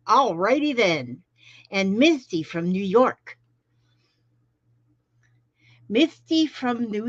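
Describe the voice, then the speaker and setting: A woman's voice: medium pitch, no room sound. Chatty woman greeting live viewers. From Florida. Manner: chatty, rambling, folksy, greets viewers by name. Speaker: host of a crafting live stream. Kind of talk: casual live stream chat. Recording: dull lo-fi stream audio, dry.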